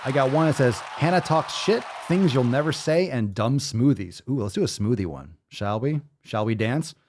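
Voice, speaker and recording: Male fitness host on a live stream, swearing freely, lively swooping pitch, mid-range voice. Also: moderate pace. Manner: profane, ranting, energetic.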